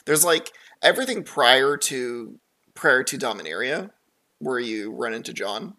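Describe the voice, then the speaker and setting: A man hosting a casual podcast, easygoing and quick to laugh as he asks his guest questions. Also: medium pitch, lively intonation, pushed and bright. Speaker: podcast host and game master.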